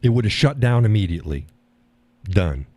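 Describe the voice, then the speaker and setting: A man's voice: on the low side, lively intonation, moderate pace, mellow, no echo. A man hosting a live stream, chatting in a rambling, blunt way and laughing often as he talks. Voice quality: swears casually. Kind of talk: casual monologue chat. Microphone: audio call setup.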